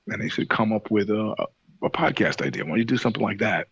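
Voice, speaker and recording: Gravelly man telling a profane story. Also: on the low side, animated, fast talker, fairly bright tone, no room sound, lo-fi sound. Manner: profane, digressive, acts out dialogue in voices. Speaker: podcast guest, singer. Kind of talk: casual interview storytelling.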